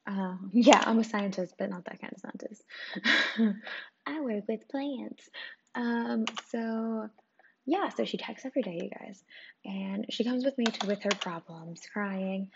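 Chatty young woman with a gravelly voice. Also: mid-range voice. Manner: chatty, profane, lots of "like" and "um". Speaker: vlogger. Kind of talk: casual story time. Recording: dull lo-fi audio with clear noise.

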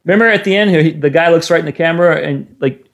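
A man co-hosting a casual comedy podcast over a video call, cracking deadpan jokes. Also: a little high, fast talker, creaky. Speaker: podcast co-host.

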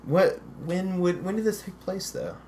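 A podcast co-host in casual movie-review chat, animated and quick to laugh, with dry asides. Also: mid-range voice, slight background noise.

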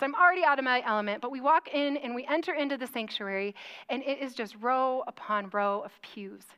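A woman giving a sermon as an animated, self-mocking personal story with acted-out quotes. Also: a little high, smooth. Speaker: speaker telling a personal story in church.

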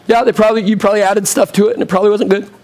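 A man in his thirties delivers a sermon with a slightly high voice, talking plainly and putting questions to the congregation. His voice is starting to go a little hoarse. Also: level tone, very fast, a little mellow. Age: 30s. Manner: direct, conversational preaching with rhetorical questions. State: getting hoarse. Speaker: pastor.

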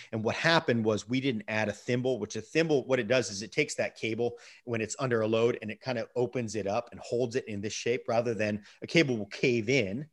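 A middle-aged man with a fairly low voice tells a personal story in relaxed interview talk. He gets animated as the story builds and stumbles over repeated words when excited. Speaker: guest. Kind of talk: casual storytelling.

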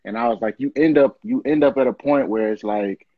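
A married man co-hosting a podcast, chatting casually and reflecting in a relaxed storytelling way. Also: medium pitch, fairly quick, husky, no room sound, narrow, tinny audio. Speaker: podcast co-host. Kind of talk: casual chat.

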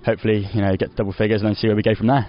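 In a casual post-match interview, a young footballer chats at a racing pace in a level, lowish voice, the recording's highs cut off. He rambles, keeps restarting, and leans heavily on "you know."

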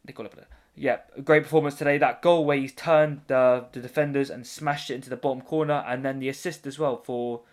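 A man's voice: medium pitch, steady tone, a little fast, few pauses. A man hosting a casual football podcast, joking and rambling as he leads the chat. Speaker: podcast host.

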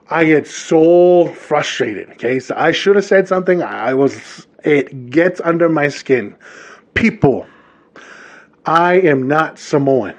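Podcast host from Hawaii, thirties, slightly high voice, animated casual storytelling, dull lo-fi recording. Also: male voice, a little slow. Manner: animated, talks straight to listeners. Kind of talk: casual monologue.

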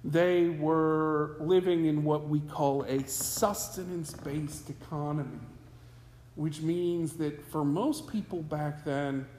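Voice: mid-range voice, steady tone, slow, a little mellow. A pastor preaching a sermon in a conversational way, asking the listeners rhetorical questions, recorded in a church sanctuary. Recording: echoey hall with long reverb.

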